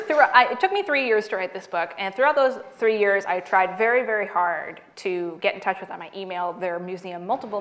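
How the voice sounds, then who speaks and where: A woman's voice: mid-range voice, a bit bright. Woman author at a library q&a, laughs a lot, acts out both sides of the story. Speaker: author giving a library talk. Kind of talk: talk and audience Q&A.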